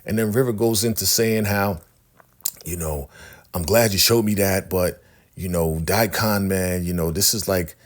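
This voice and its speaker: A man casually recapping a TV episode, excitable and acting out the characters' lines as he retells each scene. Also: sits low, measured pace. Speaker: recap host.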